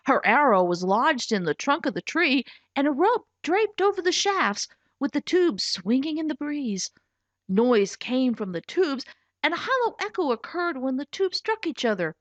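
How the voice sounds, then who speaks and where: Expressive woman narrating a storybook. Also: high voice, dry recording. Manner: expressive storytelling, voices for characters. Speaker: author and narrator. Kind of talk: scripted audiobook narration. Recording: dull lo-fi recording.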